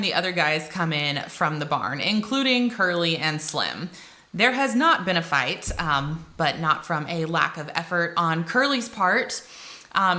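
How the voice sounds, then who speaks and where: A woman summarizing and analyzing a novel for students in a casual video lesson, retelling scenes with quick paraphrased character quotes. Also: fairly low pitch, sharp tone. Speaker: teacher explaining a novel.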